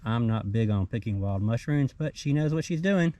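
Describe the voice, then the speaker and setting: A man's voice: mid-range voice, lively intonation, normal speed, warm tone, poor audio. A middle-aged man with a Southern US accent, casually narrating a forest hike and pointing out things he finds along the trail. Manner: easygoing, enthusiastic about small finds. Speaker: hiking vlogger.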